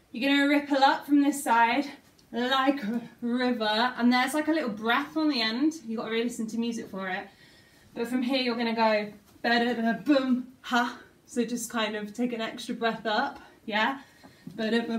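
A woman's voice: fairly high pitch, fairly even intonation, normal speed, reverberant, recorded from a distance, poor audio. A young woman teaching a dance routine at home, counting and scatting the moves aloud. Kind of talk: talking through a dance routine. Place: top-floor flat.

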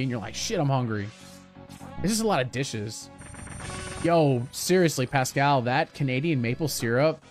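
A man of middle pitch streaming a game, chatting loosely with his viewers as he plays. He reacts to the action and answers chat in an easygoing way, with clear game music running behind him. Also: darkish tone. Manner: chatty, reacting to gameplay and reading chat aloud. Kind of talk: casual livestream chat.

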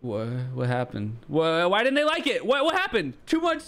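A young man commentating his own gameplay live, joking, swearing and breaking into high panicked yelps. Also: normal speed, few pauses. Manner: frantic, swings from mock-calm to high panicked yelps, swears a lot. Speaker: streamer.

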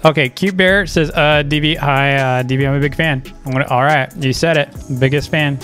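A young man with a somewhat high voice hosts a casual video. He reads fan messages aloud in an animated, playful way and jokes back at them. Faint music plays behind him. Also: a little fast. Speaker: YouTuber host.

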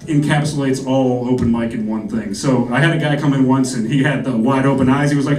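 A man's voice: mid-range voice, fairly even intonation, fast talker, few pauses, a little mellow. A man doing a stand-up set, telling rambling stories with laughs and putting on voices for the people in them. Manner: rambling storytelling with frequent laughs and mimicked voices. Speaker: stand-up comedian. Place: comedy club stage. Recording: echoey club, mic heard from a distance, crowd laughter. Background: audience laughter.

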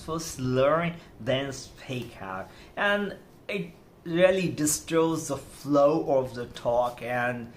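A man's voice: a little high, fairly bright tone, slight background noise. A man hosting a podcast, giving an emphatic motivational lecture on speaking English correctly, repeating his points to drive them home. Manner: emphatic, repetitive, exhorting.

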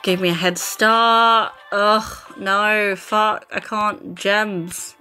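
Chatty bright-voiced woman gamer. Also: mid-range voice, steady tone, very slow, faint music behind. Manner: chatty, swears, reads game text aloud. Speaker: gaming YouTuber. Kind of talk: casual let's play commentary.

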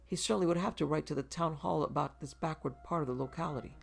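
A man narrating a macabre short story in a measured, even storytelling delivery. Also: on the high side, creaky, breathy edge. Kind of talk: scripted horror story narration.

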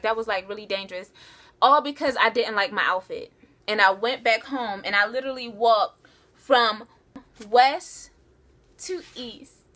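Bright, high-voiced giggly young woman vlogger. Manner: chatty and giggly, full of "like". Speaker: vlogger answering viewer questions. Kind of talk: casual Q&A vlog.

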